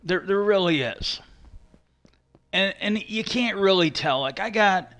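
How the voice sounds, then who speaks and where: A man's voice: high voice, lively intonation, unhurried, a bit bright. A man from Wisconsin, ranting and rambling with profanity on a casual live stream.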